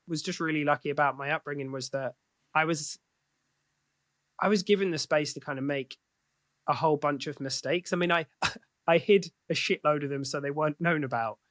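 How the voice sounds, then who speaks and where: A man's voice: fairly high pitch, a bit bright, no room sound. A man speaking as a podcast guest in candid, casual conversation, swearing freely and often restarting his sentences.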